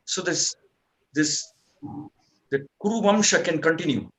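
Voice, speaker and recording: A man's voice: a little high, lively intonation, unhurried, fairly bright tone, poor audio. Man telling a scripture story. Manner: conversational, repeats points and restarts. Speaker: scripture teacher. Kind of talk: storytelling lecture.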